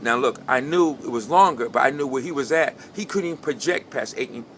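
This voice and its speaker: A middle-aged man tells a personal testimony in a plain, medium-pitched voice. He talks conversationally, circles back on phrases for emphasis and rises into fervent peaks. A faint hiss sits under the recording. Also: fairly quick, a bit bright. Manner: conversational, repeats himself for emphasis, builds to fervent. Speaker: storyteller sharing a testimony.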